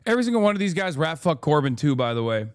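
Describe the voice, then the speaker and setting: A man's voice: fairly high pitch, big pitch swings, rapid-fire, clean tone. An American man giving heated, profane and sarcastic commentary while reacting to clips. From United States. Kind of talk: ranting commentary.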